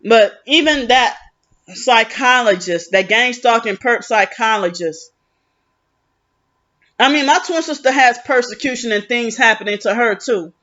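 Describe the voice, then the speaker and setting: A vlogger speaks directly to the camera in a fairly high, bright, forceful voice, venting at an unhurried pace. Her monologue is aggrieved and rambling, with sentences that break off and start over. The recording sounds dull and lo-fi.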